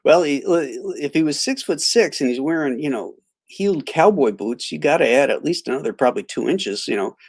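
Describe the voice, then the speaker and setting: A middle-aged man hosting a live stream, telling a rambling story full of halting restarts and reading out chat greetings. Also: fairly high pitch, expressive, slightly rough. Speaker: livestream host.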